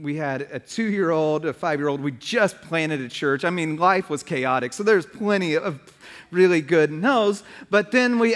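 A man's voice: high voice, fairly bright tone, big-room sound. A man in his thirties, a pastor, preaching a sermon full of humorous stories. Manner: humorous storytelling.

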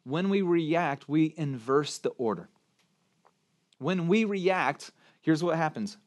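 Preaching as a pastor, a man with a high voice speaks slowly but with animation, leaning on rhetorical questions and punching key words hard.

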